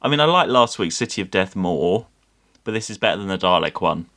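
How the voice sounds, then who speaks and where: Lively easygoing man hosting a podcast. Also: low-pitched, brisk. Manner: easygoing, wraps up the show. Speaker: podcast host. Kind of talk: casual chat.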